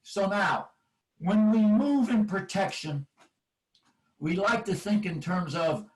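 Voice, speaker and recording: Captured on poor audio from afar, an older man with a high voice walks slowly through a coaching clinic for offensive linemen, talking over drill footage. He hammers his points with forceful, repetitive cueing phrases.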